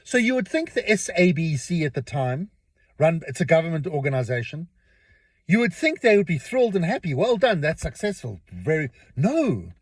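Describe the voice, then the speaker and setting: A middle-aged man talks in a rambling, storytelling way, stumbling over and repeating words. His slightly raised voice has a husky edge and swings up and down a lot. The sound is dry and close, with no room around it. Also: a little high, very animated, normal speed, dry recording. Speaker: podcast host. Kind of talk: casual opinion monologue.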